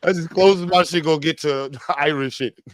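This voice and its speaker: Animated, cursing male co-host, fairly high voice. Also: fairly quick, no room sound. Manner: laughing, swearing, slangy, animated. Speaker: podcast host. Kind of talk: casual comedic reaction talk.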